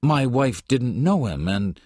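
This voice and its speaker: A man reading aloud, voicing a tired, shaken middle-aged husband who speaks in a bewildered, halting way. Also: medium pitch, very animated, a little mellow, husky, dry recording, clean studio sound, pitched above the performer's own voice, exaggerated voice.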